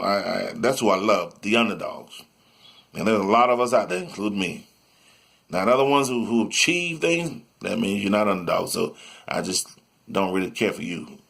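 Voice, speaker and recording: A man's voice: on the low side, vocal fry, fairly bright tone, slightly rough. A man giving a rambling motivational monologue, repeating himself and sometimes breaking into sing-song chanting.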